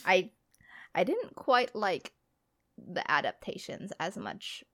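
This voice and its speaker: Young female podcast co-host, slow and lively, giggly, filler-heavy chat. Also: lowish voice. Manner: giggly, joking, lots of fillers. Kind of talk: casual chat.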